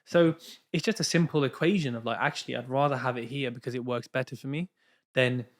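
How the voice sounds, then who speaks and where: A man hosting a podcast, chatting casually and reasoning through his views in a relaxed way. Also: medium pitch, fast. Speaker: podcast host. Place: podcast studio booth.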